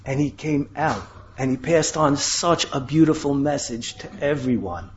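A man's voice: mid-range voice, normal speed, highs cut off, slight background noise. A man giving an impassioned sermon, with dramatic rises into questions and Hebrew terms woven in. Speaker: rabbi giving a Torah talk.

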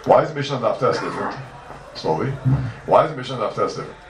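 A man teaching a Talmud class in a lively lecture style, repeating questions and mixing in Hebrew and Aramaic terms. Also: mid-range voice, fast talker, noisy background. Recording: echoey room, mic from far off.

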